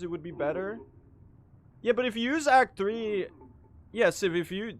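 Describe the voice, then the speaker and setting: A man's voice: on the high side, expressive, normal speed. A young man streaming a speedrun, chatting casually and joking as he answers his chat.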